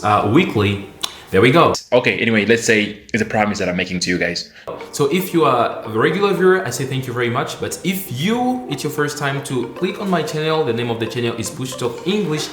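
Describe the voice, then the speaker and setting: A man with as his hosts an English lesson in a voice of ordinary pitch. He restarts phrases and stretches words slowly to model them. The room gives his voice a clear echo. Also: fairly bright tone. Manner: repeats and restarts words, slows to model pronunciation. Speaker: English teacher. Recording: echoey room.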